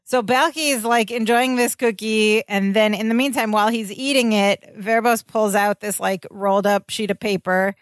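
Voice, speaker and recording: A woman's voice: mid-range voice, normal speed, few pauses, no room sound, studio quality. A woman co-hosting a podcast, casually retelling an episode and quoting the characters. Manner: animated retelling, quotes characters. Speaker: podcast co-host. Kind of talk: casual recap chat.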